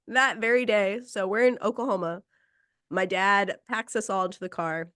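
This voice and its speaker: A woman's voice: mid-range voice, normal speed, no room sound. Woman host telling a wild story, quotes everyone, laughs a bit, mid voice, dry no room sound. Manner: lively, quotes people in the story, laughs between lines. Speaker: podcast host. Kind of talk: casual storytelling.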